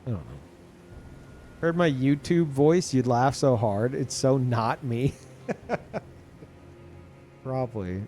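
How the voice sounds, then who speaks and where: A man talking casually to his live-stream chat, who calls his own voice monotone. He rambles with many fillers and restarts and swears often. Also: medium pitch, slow, long pauses, slight background noise. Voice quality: self-described monotone.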